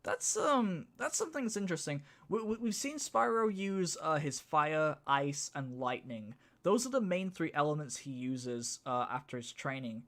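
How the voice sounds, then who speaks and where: A man's voice: on the high side, lively intonation, normal speed, hardly any pauses, a bit bright. A man from northern England with a northern accent, casually reading a script aloud on a stream and laughing as he comments on it. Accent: Northern English. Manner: giggly, reads lines then riffs on them.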